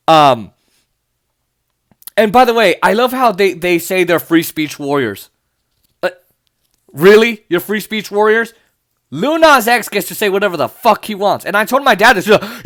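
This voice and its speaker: A man's voice: high voice, expressive, normal speed, fairly bright tone. A young man hosting a podcast, ranting in an exasperated, sarcastic way and swearing often. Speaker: podcast host. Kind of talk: ranting political commentary.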